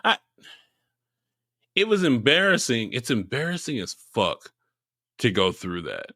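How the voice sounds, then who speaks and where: A man's voice: mid-range voice, sing-song, unhurried, bright, forceful tone, no echo. A man co-hosting a podcast in casual chat, laid-back, swearing freely and laughing often, on a close dry mic. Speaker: podcast co-host.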